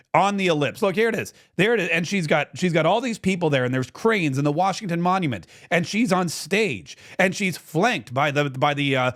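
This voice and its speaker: A man hosting a political commentary show, telling the story with indignant sarcasm. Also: fairly high pitch. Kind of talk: opinion commentary monologue.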